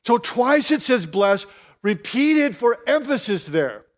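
A male pastor delivers a sermon in a notably high voice. He is earnest, circling back to repeat key phrases for emphasis. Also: sing-song, slow.

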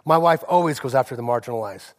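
A man's voice: medium pitch, fast. A man in his forties, a pastor preaching a sermon, telling personal stories and building to impassioned preaching.

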